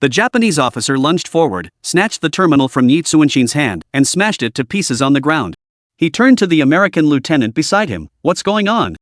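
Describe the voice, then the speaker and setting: Guy narrating a comic recap, bouncy pitch, a bit high, dry close sound. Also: sing-song, fairly quick, no echo. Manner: dramatic storytelling.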